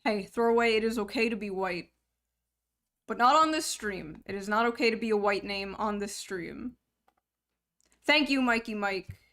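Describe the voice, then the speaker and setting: A woman's voice: mid-range voice, moderate pace, pauses often, fairly bright tone. A young woman hosting a livestream in casual chat, joking crudely and swearing freely. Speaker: livestream host.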